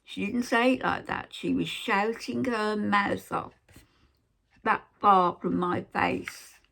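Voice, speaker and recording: A woman telling a personal story to camera in an aggrieved way, pausing often and acting out what others said. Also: mid-range voice, vocal fry, fairly bright tone. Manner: aggrieved retelling, acting out others' lines, frequent hesitations. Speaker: vlogger.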